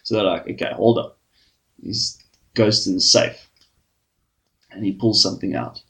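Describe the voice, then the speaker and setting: A man's voice: lowish voice, moderate pace, sharp tone, low-quality recording. A man on a podcast telling a long crude joke, swearing freely and padding it with fillers. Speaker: podcast host.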